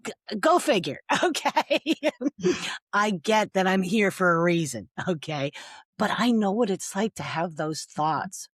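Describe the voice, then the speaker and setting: A woman's voice: mid-range voice, animated, unhurried, dry recording. Earnest woman, dry close sound. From United States. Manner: earnest, laughs often, tag questions. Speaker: guest, nonprofit founder. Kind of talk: emotional interview talk.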